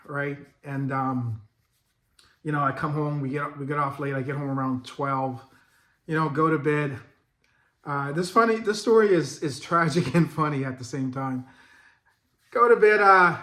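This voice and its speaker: Vlog host, middle-aged man, casual and profane storyteller, slightly raised pitch, roomy echo. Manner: profane, animated storyteller, laughs as he talks. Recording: echoey room.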